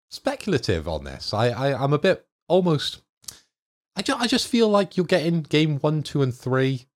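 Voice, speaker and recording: A man co-hosting a casual gaming podcast, giving measured opinions. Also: fairly low pitch. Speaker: podcast co-host.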